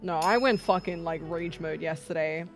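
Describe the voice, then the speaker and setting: A woman's voice: fairly low pitch, fairly even intonation, normal speed, soft background music. Chatty young British woman on stream. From United Kingdom. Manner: chatty, reads chat aloud, bursts of shrieking laughter. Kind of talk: casual live-stream chat.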